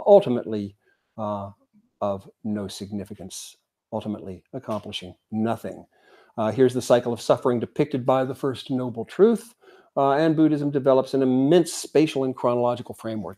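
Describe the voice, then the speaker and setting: A man giving a Buddhist dharma talk at a zen center, speaking haltingly with many fillers and reading quotations aloud. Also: lowish voice, warm tone. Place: zen center meditation hall.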